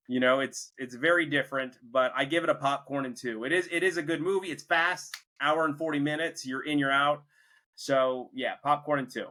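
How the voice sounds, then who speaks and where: A man's voice: mid-range voice, steady tone, a little fast, bright, forceful tone, rough recording. A young man hosting a podcast, casually retelling a film's plot in a rambling way. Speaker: podcast host. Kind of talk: casual movie review chat.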